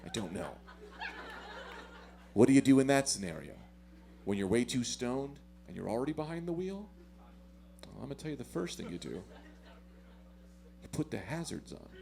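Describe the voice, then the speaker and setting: A man's voice: a little fast, gravelly, long pauses, noisy background. A man in his thirties doing stand-up storytelling, acting out voices with big swings. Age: 30s. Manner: animated, acts out voices with big pitch swings. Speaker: stand-up comedian.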